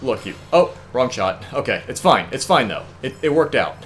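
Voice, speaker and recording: A man's voice: medium pitch, very animated, moderate pace, a little hiss or hum. A young man co-hosting a let's play, chatting casually and wryly, often exasperated and laughing. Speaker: co-host. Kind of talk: casual gameplay chat.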